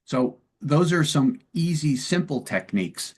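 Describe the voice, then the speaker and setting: A man who hosts a podcast and serves as a police lieutenant explains de-escalation techniques conversationally in a long-form interview, acting out short example dialogues. His voice is a little high, husky and animated, and he speaks unhurriedly.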